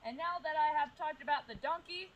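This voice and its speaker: With a voice that sits high and moves fairly quickly, a woman leads an outdoor belaying safety demonstration for a group. She explains everything in plain, step-by-step terms, and the sound is lo-fi with slight background noise.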